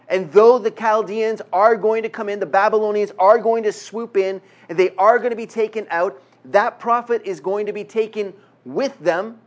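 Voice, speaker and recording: A man preaching a sermon, reading scripture slowly and emphatically, with humorous asides. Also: high voice. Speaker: pastor.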